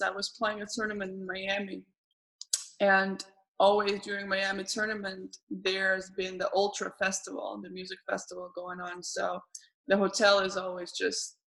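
A woman hosting a relaxed interview at an average pitch. She speaks haltingly, restarting her phrases and correcting herself as she goes. She laughs easily while telling her own stories. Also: poor audio. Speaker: podcast host. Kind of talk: casual conversational interview.

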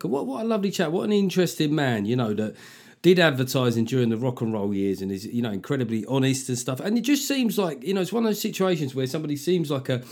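A man at a middle pitch hosts his podcast in a loose, conversational way. He reads listener reviews aloud and drops sweary, self-mocking asides between them. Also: a little mellow. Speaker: podcast host. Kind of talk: casual podcast chat and reading reviews.

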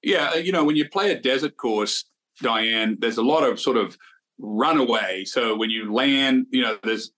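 A man's voice: medium pitch, normal speed, a bit bright. Man rambling about golf picks. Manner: rambling, repeats himself, addresses co-host by name. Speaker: golf podcast co-host. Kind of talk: casual sports betting chat.

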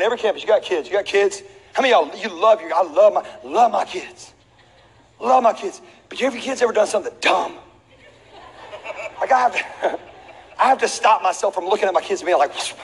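A middle-aged man pastor telling a comic story in a lively sermon, acting out voices, laughing and sometimes shouting. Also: sits high, quick pace, slightly rough. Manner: animated, acts out voices, laughs, shifts to shouting. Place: large church auditorium. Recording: reverberant hall with faint ambience.

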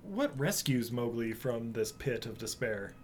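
A man casually recapping a film plot for friends on a podcast, animated and laughing, with many restarts. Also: medium pitch, unhurried, slight background noise. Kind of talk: casual chat.

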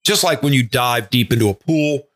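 A retired TV meteorologist in his sixties, appearing as a guest, tells a casual, rambling story packed with restarts and asides. His mid-range voice is a little bright and moves at a moderate pace.

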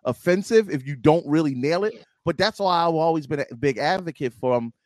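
A man from Philadelphia hosting a podcast, bantering in a playful, teasing way and breaking into loud, excited outbursts. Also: fairly high pitch, brisk, no room sound, studio quality. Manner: animated, rising to loud exclamations. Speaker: podcast host. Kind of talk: casual podcast chat.

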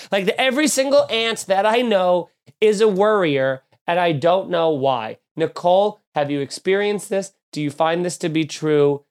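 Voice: mid-range voice, expressive, measured pace. A podcast host talking in a rambling, profane, mock-exasperated comedic way. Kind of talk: casual comedic chat.

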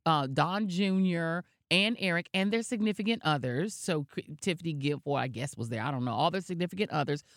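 A woman co-hosting a casual chat podcast, telling stories in an animated, gossipy way. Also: low-pitched, brisk, hardly any pauses, no echo, studio quality. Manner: animated storytelling, gossipy asides. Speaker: podcast co-host.

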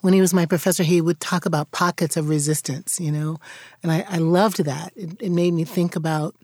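Animated older woman pastor, lowish voice. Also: a little fast, no echo, studio quality. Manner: animated storyteller, acts out voices, drops to whispers. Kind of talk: reflective conversation.

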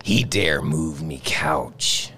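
A man voicing a gruff, boastful pirate captain who talks in mock-menacing pirate dialect. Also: rumbling low, extremely slow, bright, forceful tone, slight background noise, full character voice. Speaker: podcast co-host.

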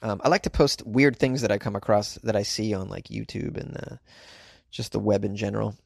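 A young adult man hosting a comedy podcast from a closet, riffing in an animated, self-mocking way. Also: on the low side, fairly quick, gravelly, no room sound, studio quality. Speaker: podcast host.

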